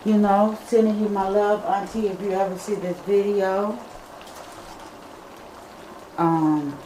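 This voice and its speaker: Woman cooking host, folksy and slow-spoken, talks straight to her viewers; roomy home kitchen. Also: mid-range voice, darkish tone, slight background noise. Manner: chatty, addresses viewers as y'all and you guys. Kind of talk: casual cooking vlog talk.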